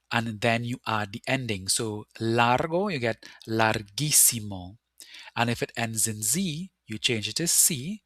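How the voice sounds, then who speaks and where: A man talks through a recorded Spanish lesson, patiently taking each rule in turn and slowing down to spell out the example words. His voice sits at an ordinary middle pitch. The recording is close and dry, with no room sound around it. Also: pushed and bright, dry recording. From Caribbean. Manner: patient, explains step by step and slows to spell out words. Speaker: Spanish teacher.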